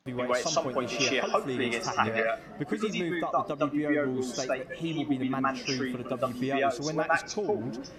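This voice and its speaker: A man presenting a boxing panel, brisk and informative. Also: medium pitch, a bit bright, husky.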